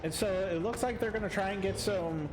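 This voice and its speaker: A young man casting a competitive video game live, excitable, sometimes stumbling over his words. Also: sits high, a little fast, roomy sound, noisy background. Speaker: esports caster.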